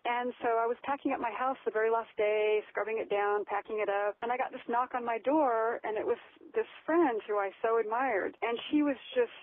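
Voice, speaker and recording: American woman, kinda high voice, earnest and reflective, sounds like a dry tinny phone call. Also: steady tone, fairly quick, few pauses, no echo. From United States. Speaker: podcast guest. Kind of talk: casual interview conversation.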